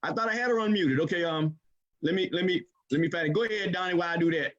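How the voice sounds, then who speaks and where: A man hosting a live video call, energetic and repetitive, hyping up the people on the line with call-and-response. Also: high voice, fast talker, lo-fi sound. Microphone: computer mic on a video call.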